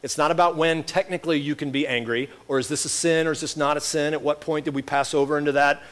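Male pastor, conversational sermon, slightly high voice, asks the room questions. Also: fairly even intonation, quick pace, fairly bright tone. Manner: conversational, rhetorical questions and asides.

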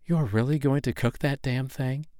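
A man's voice: mid-range voice, big pitch swings, measured pace, a little mellow, dry recording, clean studio sound, voice pushed up. A man voicing a jumpy, squeamish young woman who keeps protesting in exasperation. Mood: exasperated.

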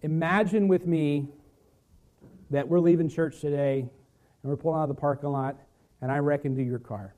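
Dynamic preaching man, mellow voice. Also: fairly high pitch, fairly even intonation, normal speed, pauses often. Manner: preaching with wide swings from loud emphasis to hushed lines. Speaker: pastor. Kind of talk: sermon.

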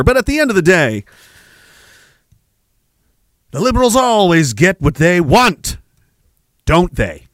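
Male podcast host from Canada, taunting profane rant, slightly high voice, dead-dry sound. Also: sing-song, takes it slowly, pauses often, a bit bright, no room sound. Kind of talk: ranting political commentary.

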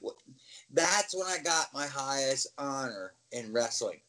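A man's voice: medium pitch, measured pace, rough recording. A middle-aged man, a former wrestler, telling backstage stories in casual chat and acting out the voices of the people in them. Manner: animated storyteller, acts out voices and yells. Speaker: interview guest, former wrestler. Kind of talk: casual storytelling.

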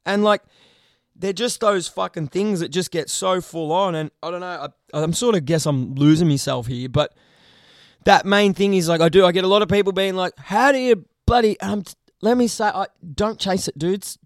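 A young man chatting casually as a podcast co-host, rambling, animated and swearing a lot. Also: sits high, moderate pace, no echo, clean studio sound. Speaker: podcast co-host, video creator. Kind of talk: casual chat.

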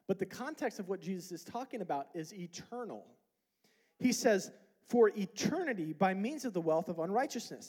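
Male pastor, high voice, emphatic sermon delivery with rhetorical questions. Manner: emphatic preaching that rises to loud, high peaks; quotes and explains scripture with rhetorical questions.

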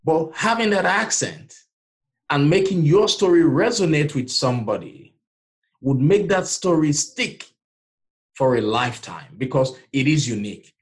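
A man's voice: fairly high pitch, big pitch swings, a little slow. A man from Nigeria with a Nigerian accent, hosting a podcast and giving emphatic, preacher-like encouragement. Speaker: podcast host. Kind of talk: motivational podcast talk.

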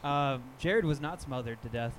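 A man's voice: medium pitch, moderate pace, slight background noise. A man co-hosting a live podcast show, telling a crude, self-mocking story in a rambling way at a live venue.

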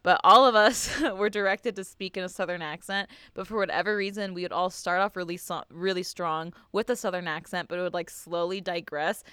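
A woman's voice: fairly low pitch, steady tone, brisk, few pauses, pushed and bright, clean tone, no echo, studio quality. A young American woman co-hosting a podcast, chatting casually and rambling with lots of fillers and giggles. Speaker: podcast co-host.

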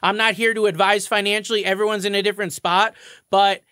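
Bright high-voiced man explaining finance. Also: flat delivery, quick pace, no room sound, clean studio sound. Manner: explanatory, confident. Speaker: mortgage expert co-host. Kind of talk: radio show talk.

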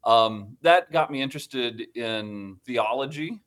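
A man's voice: mid-range voice, slow. Laid-back man with dry humor. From Ohio. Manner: relaxed storytelling with dry self-deprecating humor. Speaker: guest, worldview center director. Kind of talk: podcast interview.

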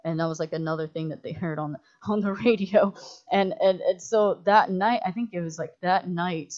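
Woman director as podcast guest, low-ish voice, animated and swearing, dull lo-fi sound. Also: moderate pace. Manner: animated, profane, full of "like" fillers, acts out others' lines. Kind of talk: casual storytelling in a podcast chat. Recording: muffled lo-fi audio.

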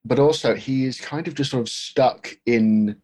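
A man's voice: mid-range voice, moderate pace, mellow. A man co-hosting a podcast, talking casually about a film with many restarts and fillers. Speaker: podcast co-host.

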